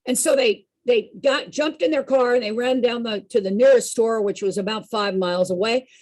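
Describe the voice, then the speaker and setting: A woman telling a story to a group in an animated way, often asking her listeners questions. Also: fairly high pitch, moderate pace. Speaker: storyteller and song leader.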